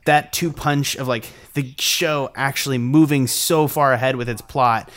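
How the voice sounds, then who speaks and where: Smooth-voiced opinionated podcast man. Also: medium pitch, measured pace. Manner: opinionated, animated. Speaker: podcast co-host. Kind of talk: casual chat.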